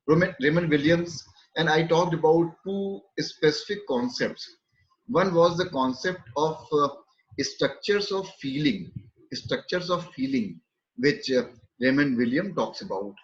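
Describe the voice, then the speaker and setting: Measured male literature lecturer, lo-fi. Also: fairly high pitch. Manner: measured, repeats key terms, many pauses with fillers. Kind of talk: academic lecture.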